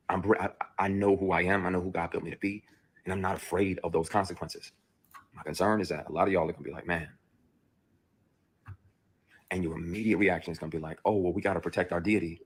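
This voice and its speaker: A man with a very low, husky voice tells a raw personal story. He talks bluntly and with feeling, and he swears freely. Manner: blunt, emotional storytelling with profanity. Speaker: actor. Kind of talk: played clip of a personal account.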